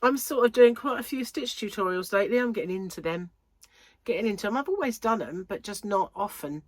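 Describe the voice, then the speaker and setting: A woman's voice: mid-range voice, lively intonation, brisk, no echo. A woman hosting a crochet channel, chatting casually to camera at home with rambling, giggly anecdotes, sounding a little congested and out of breath. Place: home room under lights.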